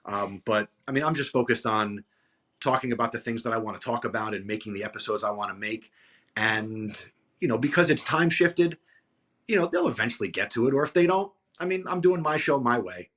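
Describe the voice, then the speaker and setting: A man's voice: medium pitch, lively intonation, brisk, fairly bright tone. A man co-hosting a podcast in casual chat, easygoing and earnest. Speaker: podcast co-host.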